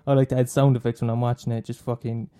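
A man's voice: mid-range voice, flat delivery, fast, mellow, smooth. A young man doing a profane, mocking comic rant, rambling and swearing constantly. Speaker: comedian.

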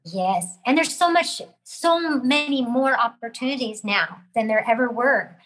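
A woman's voice: fairly high pitch, measured pace, fairly bright tone, rough recording. A woman, a working actress, speaking as a podcast guest in a candid, reflective way. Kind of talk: casual interview chat.

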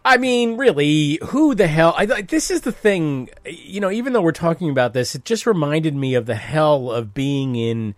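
Chatty podcast host, dry close sound. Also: male voice, fairly high pitch, normal speed, hardly any pauses, no echo. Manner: chatty, animated, swears casually. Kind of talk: casual podcast conversation.

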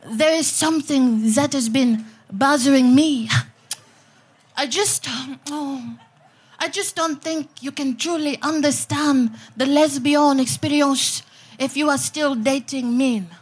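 A woman's voice: high voice, slow pace. A woman voicing her lesbian girlfriend in a mock French accent, haughty and lecturing. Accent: mock French, badly done.

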